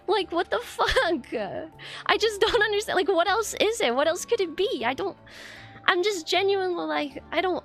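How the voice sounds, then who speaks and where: A woman's voice: extremely high pitch, animated, moderate pace, fairly bright tone, soft background music. A woman streamer venting in a casual, frustrated rant, swearing often and rambling with lots of fillers.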